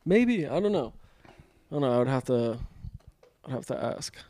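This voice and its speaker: Young dude on a podcast, swears a lot, rambles, dry close sound, no room to it. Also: male voice, medium pitch, very animated, normal speed, mellow, dry recording. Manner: rambling, profane, acts out quotes in goofy voices. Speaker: podcast co-host. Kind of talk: casual podcast chat.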